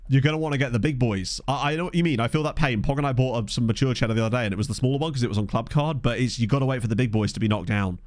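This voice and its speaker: A man's voice: mid-range voice, rapid-fire, hardly any pauses, no echo, studio quality. A young man casually chatting and laughing as he streams a management game, talking into a desk mic. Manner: animated, laughs often, chatty asides. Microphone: desk condenser mic.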